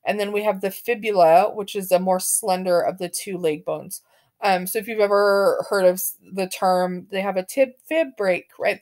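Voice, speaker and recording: A woman's voice: mid-range voice, darkish tone. A woman teaching a medical terminology class, talking casually with many fillers and putting questions to her students. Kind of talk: classroom lecture.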